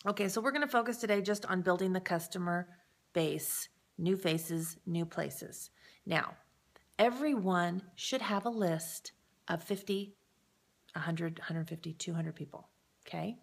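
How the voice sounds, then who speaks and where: This woman's medium-pitched voice has noticeable vocal fry. Working as a direct-sales presenter, she delivers a casual, upbeat, encouraging sales training talk, addressing the viewer directly and frequently checking in.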